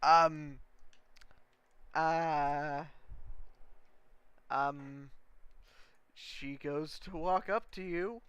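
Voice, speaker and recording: A man narrating a tabletop game as game master, easygoing and quick to laugh at his own slips. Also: on the high side, steady tone, a bit bright, smooth, dry recording.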